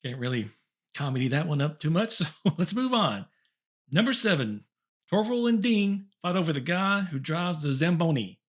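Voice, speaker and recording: A man's voice: a little high, big pitch swings, moderate pace. A man hosting a comedy show, reading old top ten lists aloud with chuckles and wry asides. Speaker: host.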